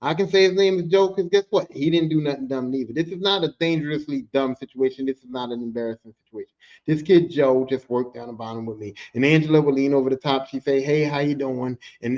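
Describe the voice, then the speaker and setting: A man hosting a podcast, telling a work story in a casual, profane way and acting out other people's lines. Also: on the high side. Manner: animated, profane, acts out quotes in other voices. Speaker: podcast host. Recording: dull lo-fi audio.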